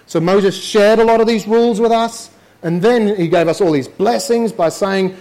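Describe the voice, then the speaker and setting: A man preaching a sermon with a fairly high voice. He talks to the congregation in a conversational way and slips into quick imitations of his listeners' objections. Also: animated, darkish tone. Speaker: pastor.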